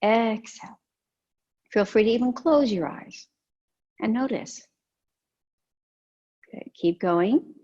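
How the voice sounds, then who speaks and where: Gentle, husky-voiced woman yoga teacher. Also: on the high side, highs cut off. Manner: calm, gentle cueing with soft pauses. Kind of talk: guided yoga and breathing instruction.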